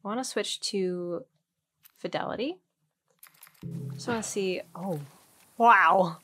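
A woman's voice: medium pitch, takes it slowly, a bit bright, husky, soft background music. A woman giving casual let's-play commentary, chatty and giggly, thinking aloud as she plays. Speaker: gaming streamer.

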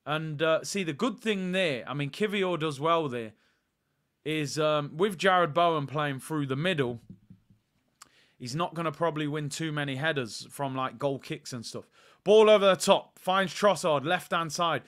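A young man casually commentating live on a match for his fan channel, chatty and excitable, switching between play-by-play and asides to his viewers. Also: a little high, measured pace. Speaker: fan channel host doing a live watchalong.

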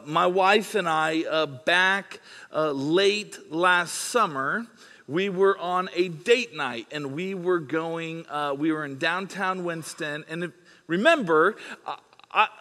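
A man's voice: high voice, bright, forceful tone. A male pastor telling a personal story during a sermon, conversational and lightly self-deprecating, speaking in a church sanctuary. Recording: long hall reverb.

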